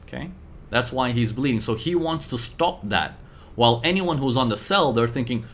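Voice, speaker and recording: A man teaching traders in a live class, talking lively and acting out the voices of buyers and sellers. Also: medium pitch, normal speed. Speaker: trading mentor.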